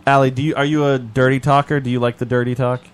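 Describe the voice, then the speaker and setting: A man's voice: medium pitch, level tone, quick pace, clear, resonant tone. A man hosting a casual podcast, coaxing guests and setting up improv scenes. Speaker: host. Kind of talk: casual chat.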